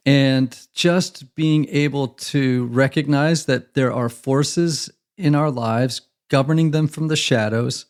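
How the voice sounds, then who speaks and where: A man's voice: fairly high pitch, slow pace, hardly any pauses. A man speaking as a guest on a conversational interview podcast, earnest and reflective, with emphatic stretches.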